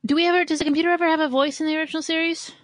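A woman's voice: extremely high pitch, very fast, no echo. A woman co-hosting a podcast, chatting casually about an episode with fillers like "like". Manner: relaxed, conversational with fillers like "like". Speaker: podcast co-host. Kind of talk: casual chat.

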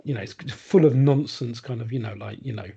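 A man's voice: mid-range voice, fairly quick, vocal fry, dark tone, slightly rough, lo-fi sound. A man chatting casually on a podcast, rambling with lots of ums and restarts. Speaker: podcast guest. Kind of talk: casual chat.

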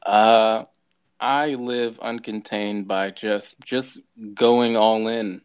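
Very deep, slow, low-key man. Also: fairly even intonation, smooth, no echo, clean studio sound. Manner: low-key, hesitant, many fillers. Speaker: stand-up comedian, podcast guest. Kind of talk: casual interview chat.

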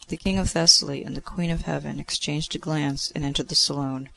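Gravelly male storyteller. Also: a little high. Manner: measured, expressive storytelling. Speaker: narrator. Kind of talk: reading a classic story aloud.

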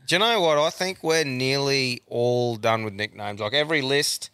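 Crude laid-back Australian bloke, bright crisp voice. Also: male voice, medium pitch, normal speed, no echo. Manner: swears constantly, laid-back slang. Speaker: podcast co-host. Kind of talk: casual crude banter.

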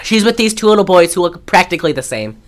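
A woman's voice: on the low side, animated, quick pace. A young woman co-hosting a podcast, casually recapping a movie and acting out the characters' lines in exaggerated voices. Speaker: podcast co-host.

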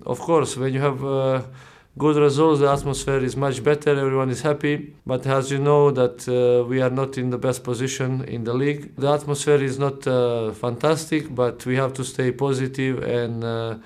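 A man's voice: mid-range voice, flat delivery, moderate pace, few pauses, a little mellow, smooth. A man answering interview questions as a footballer, hesitant with fillers.

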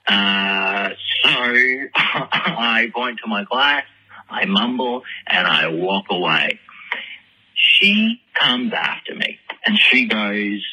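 A man tells a long, rambling, self-deprecating story in a put-on Australian accent and swears freely along the way. His voice sits low and husky but has a very bright, sharp edge. It comes through as a lo-fi voice message played back. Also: very animated, extremely slow. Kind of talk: casual storytelling monologue.

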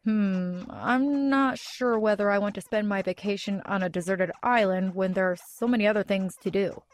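A woman's voice: medium pitch, moderate pace, natural voice. A woman doing a hesitant young scout leader. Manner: thoughtful, hesitant.

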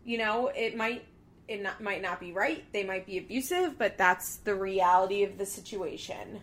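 A woman's voice: mid-range voice, moderate pace, fairly bright tone. A woman co-hosting a casual chat, animatedly retelling scenes with lots of filler words. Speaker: podcast co-host recapping a reality show.

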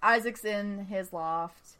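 Bright-voiced woman chatting excitedly. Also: medium pitch, slow, smooth. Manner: chatty and enthusiastic, often laughing, filler-heavy. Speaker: podcast host recapping a TV episode. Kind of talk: casual chat.

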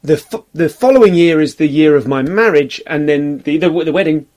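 Rambling, self-mocking man with a high voice. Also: a little fast, a little mellow. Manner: rambling, self-deprecating, acts out quoted voices. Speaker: podcast guest, comedian. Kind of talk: casual podcast conversation.

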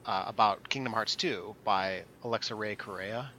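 A man's voice: fairly low pitch, moderate pace, sharp tone, slight background noise, poor audio. A man co-hosting a podcast, chatting casually with offhand, jokey asides. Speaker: podcast co-host. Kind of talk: casual chat.

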